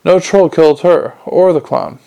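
Man reads a dry, cool young guardswoman, gravelly, audiobook. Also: fairly high pitch, moderate pace, dark tone.

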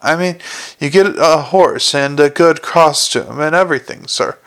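Guy voicing a jittery low-ranking watchman, mumbly and evasive, gravelly voice, sir sir sir. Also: a little slow, fairly bright tone. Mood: anxious. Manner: anxious, mumbling, tacks "sir" onto everything. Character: nervous, evasive lowly male city watch corporal.

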